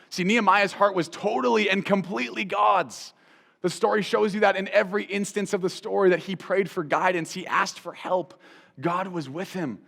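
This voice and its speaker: A man hosting a Christian teaching show, talking in an animated, conversational way, repeating phrases for emphasis and putting direct questions to the listener. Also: sits high, gravelly, big-room sound. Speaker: host and Bible teacher.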